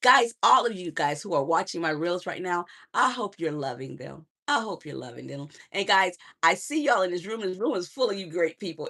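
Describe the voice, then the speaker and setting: A middle-aged woman, a transformational coach, giving a lively motivational live stream, preaching and calling viewers honey and baby. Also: mid-range voice, normal speed. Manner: preachy, warm endearments to viewers; chatty, laughs often.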